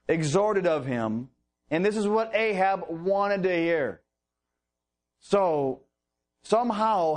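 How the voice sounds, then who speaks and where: A male preacher with a rather high voice delivers a sermon. He moves slowly and deliberately, leaning on long pauses between phrases. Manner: slow, deliberate Bible teaching with drawn-out pauses.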